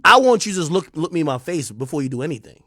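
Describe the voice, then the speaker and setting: Brief: New Jersey man, livestream host, confrontational rant, high lively voice, dry close sound. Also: racing, dry recording. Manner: taunting, confrontational, swings between loud and low. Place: home streaming room.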